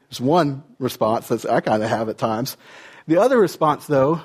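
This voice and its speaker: A man's voice: mid-range voice, expressive, moderate pace, a little mellow, husky. A man preaching a sermon in a conversational way, full of rhetorical questions and "like" and "you know" fillers. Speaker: pastor.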